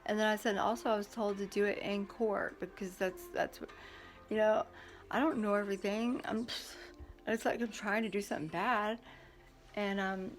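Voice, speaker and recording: A woman telling a long story in a casual vlog, rambling and profane, often acting out what others said. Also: medium pitch. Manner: rambling, heated, profane, quotes others in dialogue. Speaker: parent recounting a custody court hearing.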